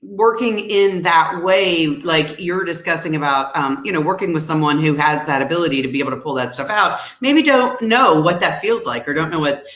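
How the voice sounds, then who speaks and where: A woman's voice: low-pitched, normal speed, hardly any pauses, fairly bright tone, echoey room. A woman hosting a live online interview, affirming her guest with enthusiastic reactions. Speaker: interview host.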